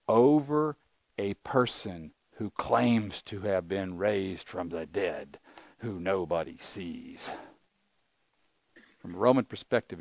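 A man's voice: low voice, creaky, no echo. An older man preaching a sermon, earnest and conversational, asking his listeners rhetorical questions. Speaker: pastor.

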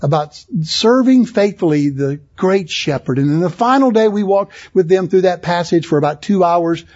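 A man's voice: high-pitched, animated, normal speed, darkish tone, lo-fi sound. A man preaching a sermon at a conference, impassioned and building to emphatic peaks. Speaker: pastor. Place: conference hall.

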